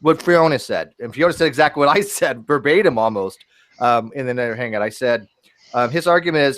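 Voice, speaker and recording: A man hosting a casual podcast chat, talking in animated bursts with frequent restarts and casual swearing. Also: fairly high pitch, fast. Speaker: host.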